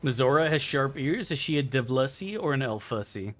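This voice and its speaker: A man's voice: mid-range voice, animated, brisk, fairly bright tone. A young man streaming a game live, casually and profanely bantering with his chat as he plays. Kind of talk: live gameplay commentary reading chat.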